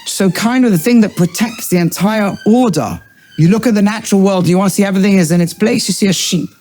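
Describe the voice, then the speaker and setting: A middle-aged rabbi and educator delivers a teaching lecture at a quick pace, swinging between high, emphatic bursts and low, quiet asides. He weaves in Hebrew terms and then translates them.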